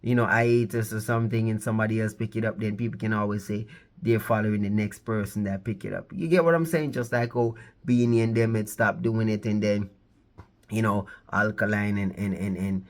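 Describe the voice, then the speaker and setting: A man's voice: on the low side, level tone, a little fast. A man hosting his own channel, giving casual, rambling commentary on the music scene, repeating himself and playfully pleading with viewers. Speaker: channel host.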